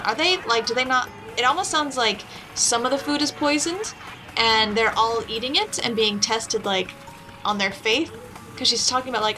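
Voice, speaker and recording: A woman's voice: fairly high pitch, moderate pace, music in the background. A woman hosting a let's play, giving chatty gameplay commentary with lots of fillers.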